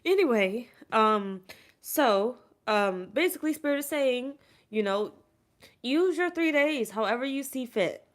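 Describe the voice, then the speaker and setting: A woman's voice: a little high, expressive, a little slow. A woman giving a casual, chatty tarot reading to viewers and calling them "y'all". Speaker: tarot reader.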